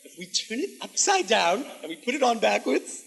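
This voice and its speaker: A man's voice: very high-pitched, very animated, normal speed, creaky, noisy background. A man hosting a comedy show, delivering a campy monologue in a grand, haughty, mock-aristocratic manner with affected French touches. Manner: sprinkles in affected French phrases. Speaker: host of a comedy cable show.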